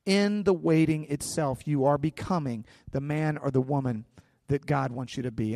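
A man preaching a sermon as pastor, animated, acting out quoted voices along the way. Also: a little high, no room sound, clean studio sound, big-room sound.

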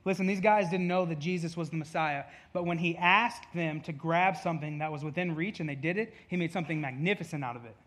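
A man's voice: on the high side, quick pace, hardly any pauses, fairly bright tone. A male pastor giving a conversational sermon, with jokey asides and acted-out quotes, in a church.

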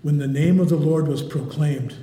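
A man delivers a sermon from the pulpit, deliberate and emphatic, now and then sinking to a near whisper to stress a point. His voice sits a bit high yet sounds warm and mellow. It rings out with a long, roomy reverb, as if in a large sanctuary. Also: steady tone. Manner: emphatic preaching, dropping to a hush on key words. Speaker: pastor. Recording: echoey hall with long reverb.

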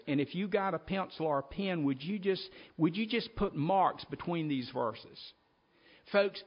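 A man preaching a sermon, reading scripture aloud and earnestly addressing his listeners as folks. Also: on the high side. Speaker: pastor. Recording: dull lo-fi recording.

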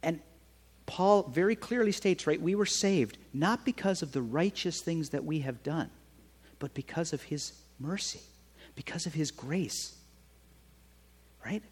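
A man preaching a sermon in a conversational way, often checking in with his listeners with a quick "right?". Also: a little high, expressive, slightly rough, long reverb tail. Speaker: pastor.

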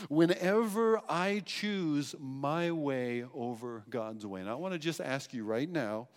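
A man preaching a sermon, emphatic, asking rhetorical questions and repeating phrases. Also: a little high. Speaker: pastor. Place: church hall. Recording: long hall reverb.

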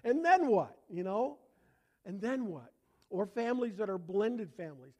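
An older pastor with a Canadian accent delivers a sermon, his voice sitting high for a man. He talks conversationally, slipping in jokes and inviting the congregation to answer back. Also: sing-song, normal speed, a little mellow. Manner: conversational, joking, asks congregation to respond. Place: church before a congregation.

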